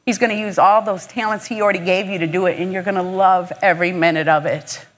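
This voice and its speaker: A woman's voice: on the low side, fairly even intonation, fast. A woman from Michigan giving a heartfelt, encouraging inspirational faith talk at a conference, speaking conversationally. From Michigan, USA.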